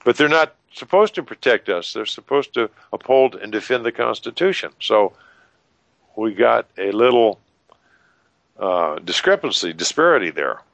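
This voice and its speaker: A man talking on a radio show in a measured, folksy, plainspoken way. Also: on the low side, sing-song, gravelly, fairly bright tone, dry recording. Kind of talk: talk radio discussion.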